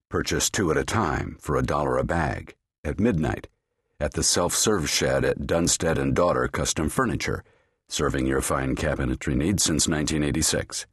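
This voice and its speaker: Very deep, husky male narrator. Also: dry recording, clean studio sound. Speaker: audiobook narrator. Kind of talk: scripted audiobook narration.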